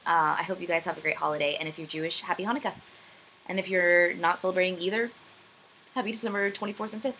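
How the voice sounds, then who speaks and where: A woman's voice: on the low side, steady tone, fast, sharp tone, a little hiss or hum, poor audio. A young woman vlogger answering viewer questions in casual chat, rambling and self-deprecating, with many ums. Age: young adult. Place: room at home, backlit.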